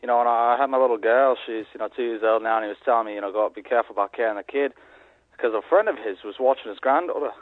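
Man putting on a fake Irish accent, rambling male caller, quick talker, tinny phone line. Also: mid-range voice, no echo, close to an everyday voice. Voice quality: put-on Irish-sounding accent. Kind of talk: phoned-in voicemail.

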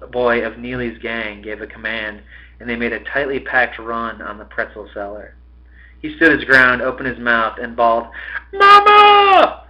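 A man reads a novel aloud in an expressive, mid-pitched voice and curses casually when he stumbles. The audio is slightly muffled. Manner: expressive reading, breaks off to swear at his own slips. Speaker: podcast host reading a novel.

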